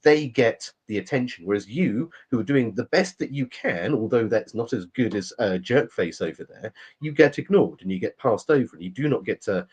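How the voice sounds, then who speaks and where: A man's voice: medium pitch, expressive, normal speed, few pauses, darkish tone, slightly rough. A man co-hosting a casual podcast chat, talking through a point at length with plenty of ums and restarts. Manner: rambling, explanatory, many fillers. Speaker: podcast co-host.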